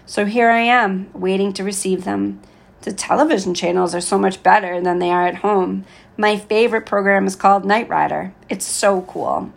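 A woman narrates an audiobook chapter in the first person, calm and steady. Her voice has a creaky, gravelly texture, and the reading stays even and unhurried. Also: mid-range voice. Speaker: audiobook reader.

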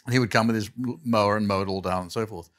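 An older man, a guest on an interview, telling long anecdotes in a lively, chuckling way and often restarting his sentences. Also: lowish voice, very fast. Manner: animated, chuckling storyteller who trails off and restarts. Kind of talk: anecdotal storytelling in a casual interview.

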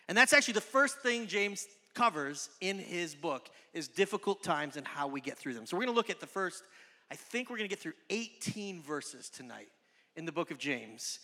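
A young male youth pastor preaching in a loose, joking way, telling lively stories. His voice sits high and sounds bright and bold. The sound rings out with a long hall echo. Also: normal speed. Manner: chatty, joking, animated storytelling. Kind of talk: casual sermon. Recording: echoey hall reverb.

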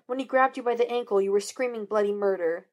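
A woman voicing an excitable, wisecracking young male private detective whose voice leaps up high when he protests, in an audiobook reading. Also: fast, close to an everyday voice. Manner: excitable, wisecracking, jumps up in pitch.

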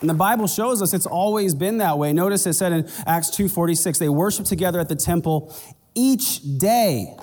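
Male pastor, conversational sermon delivery, slightly higher voice, long hall reverb, jumps up in pitch for acted-out dialogue. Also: normal speed, a little mellow, slight background noise. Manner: conversational preaching, acts out dialogue in a raised voice.

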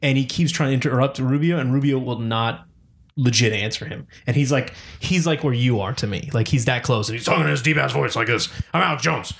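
A man in casual, profane chat, telling animated stories and quoting people. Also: mid-range voice. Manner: fast, animated storytelling with quoted voices.

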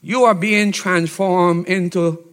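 A pastor preaching an expository sermon in a teacherly way, checking in with his listeners and building up to loud, emphatic exhortation. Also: sits high, fairly even intonation, slow pace. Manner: teacherly, checks in with "Okay?" and "See?".

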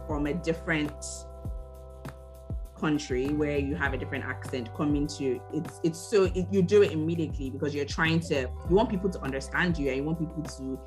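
A woman's voice: deep voice, brisk, darkish tone, faint music behind. A woman from Nigeria with a Nigerian accent, talking animatedly in a casual chat and laughing often.

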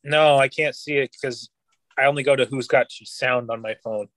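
A man's voice: mid-range voice, steady tone, moderate pace, fairly bright tone, no room sound. A man co-hosting a casual podcast, bantering with crude jokes. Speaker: podcast co-host. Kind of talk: casual chat.

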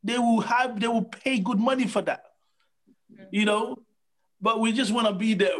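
A man in casual motivational chat, animated, acting out quotes and laughing often. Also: very high-pitched, moderate pace, long pauses, poor audio.

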